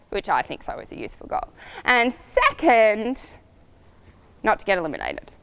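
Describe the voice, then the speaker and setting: A woman riding coach giving upbeat, lively advice to riders in a coaching video. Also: medium pitch, normal speed, pauses often, smooth. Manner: lively and upbeat, acts out voices, laughs easily.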